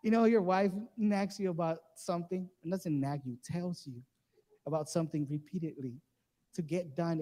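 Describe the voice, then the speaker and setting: A man's voice: on the high side, warm tone. A male pastor preaching a casual, joking sermon, laughing often and acting out the people he quotes. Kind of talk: conversational sermon. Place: church sanctuary. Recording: live service in a reverberant hall.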